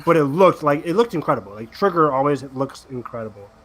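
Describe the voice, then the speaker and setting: A man with a fairly high voice, co-hosting a casual podcast. He talks with plenty of enthusiasm and often breaks into excited exclamations while reacting to what he sees. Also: fast. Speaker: podcast co-host.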